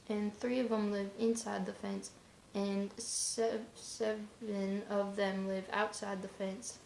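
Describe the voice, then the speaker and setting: A woman's voice: mid-range voice, gravelly, darkish tone, a little hiss or hum. A woman talking in a casual vlog monologue, rambling and offhand, in loose run-on asides. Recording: roomy echoey room.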